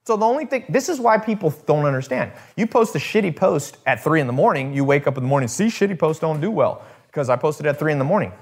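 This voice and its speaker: A man's voice: fairly high pitch, animated, fast talker, hardly any pauses, slightly rough. Rambling man talking to his viewers. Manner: rambling with restarts and swearing, acts out quoted people. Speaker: host. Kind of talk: casual talk to viewers.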